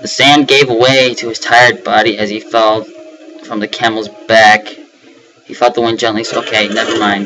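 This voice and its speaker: A man's voice: on the low side, flat delivery, moderate pace, sharp tone, a little hiss or hum, low-quality recording. A young man giving nervous running commentary on a horror game, breaking into panicked repeated words and yelps. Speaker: let's play gamer.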